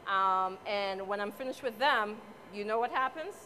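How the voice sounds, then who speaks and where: A woman's voice: medium pitch, moderate pace, sharp tone, slight background noise. A woman from Saint Croix with a Crucian Caribbean accent, giving a chatty live cooking demonstration and joking with her audience. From Saint Croix, US Virgin Islands. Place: event hall with live audience.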